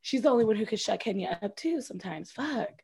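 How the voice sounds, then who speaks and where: A woman's voice: mid-range voice, expressive, fast talker, gravelly, a crowd in the background. A young woman co-hosting a casual recap chat, blunt and profane, talking with lots of energy. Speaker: podcast co-host.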